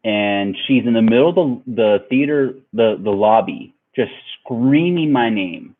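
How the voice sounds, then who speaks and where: A man's voice: mid-range voice, lively intonation, measured pace, few pauses. A man in his twenties telling a personal story in a rambling way, with lots of fillers and laughs. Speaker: vlogger. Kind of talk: storytime vlog. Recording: tinny phone-like sound.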